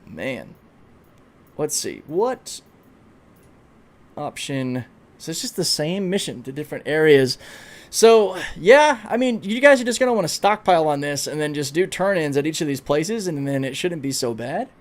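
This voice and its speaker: A man livestreaming a video game, giving excitable, casual commentary, swearing freely and talking to his chat. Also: fairly high pitch, normal speed. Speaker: gaming livestreamer.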